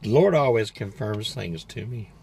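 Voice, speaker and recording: A man's voice: on the low side, lively intonation, moderate pace, creaky, darkish tone, breathy edge. An older man casually telling a rambling personal story as a vlogger, sitting in his parked car, chatty and laughing as he talks. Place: parked car in a parking lot.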